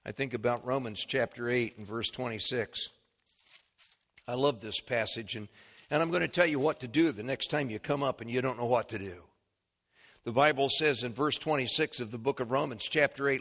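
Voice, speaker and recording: A male preacher delivers a sermon from a church pulpit, his mid-pitched voice carrying a long hall reverb. He moves between hushed, low asides and sudden high, shouted peaks. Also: normal speed. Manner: swings from low murmur to high shouting when animated.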